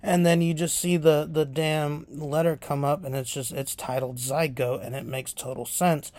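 A man hosting a podcast, casually retelling horror film scenes in a profane, animated way. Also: a little high, normal speed, no echo. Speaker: podcast host.

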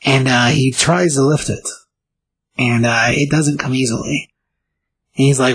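Husky man recapping a comic. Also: medium pitch, fairly even intonation, fairly bright tone, rough recording. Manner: halting, many filler pauses. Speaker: comic book reviewer.

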